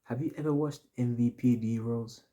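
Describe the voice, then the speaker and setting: A man's voice: medium pitch, fairly even intonation, normal speed, dark tone. A young man telling a story to his audience in a casual, rambling, slang-heavy way, repeating himself often. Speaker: vlogger.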